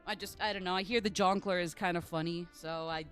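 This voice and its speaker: A woman's voice: fairly low pitch, fairly even intonation, fairly quick, faint music behind. A woman streaming a game, chatting in a rambling, jokey way full of fillers. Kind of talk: livestream gaming commentary.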